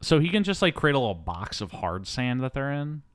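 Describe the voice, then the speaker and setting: Lively, animated male podcast host. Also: mid-range voice, fairly quick, no room sound, studio quality. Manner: animated, jokey retelling with acted quotes. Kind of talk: casual movie chat.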